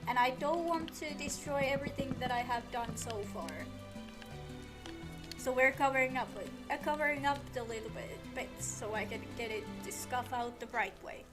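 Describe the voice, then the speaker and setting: A woman streamer with a high voice gives casual commentary at a moderate pace while building in a game. When it won't cooperate she talks to the game and repeats herself, with game music playing underneath.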